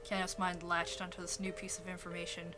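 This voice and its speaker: A woman streamer reading a visual novel aloud, steady narration with asides. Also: lowish voice, a little fast. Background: game music.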